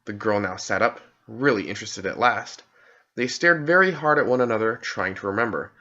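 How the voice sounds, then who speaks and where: Calm male audiobook narrator, lively delivery. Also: fairly low pitch, brisk. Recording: dull lo-fi recording.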